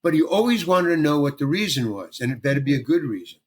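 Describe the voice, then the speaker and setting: An older man spins a story in an interview, his voice sitting a little high for a man and swinging widely up and down. He slips into other people's lines as he tells it, giving the tale a lively, theatrical feel. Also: fast talker. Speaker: guest, veteran character actor.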